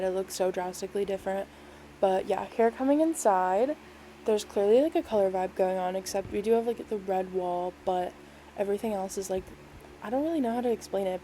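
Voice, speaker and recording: A woman's voice: mid-range voice, dark tone, a little hiss or hum, low-quality recording. A woman casually narrating a voice-over walkthrough of a game build, rambling and easygoing, with lots of "like" and "um". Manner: rambling, filler-heavy, lots of "like" and "um"; self-deprecating, easygoing.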